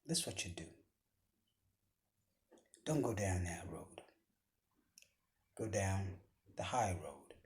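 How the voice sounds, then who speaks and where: Slow, emphatic motivational speaker, a man. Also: sits low. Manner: emphatic, often dropping to a hushed whisper; repetitive, preaching cadence. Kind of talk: motivational speech.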